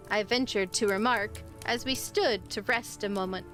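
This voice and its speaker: A woman's voice: medium pitch, moderate pace. Woman narrating a spooky story. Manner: expressive, lively voicing of dialogue. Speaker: streamer reading a story. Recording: faint music behind.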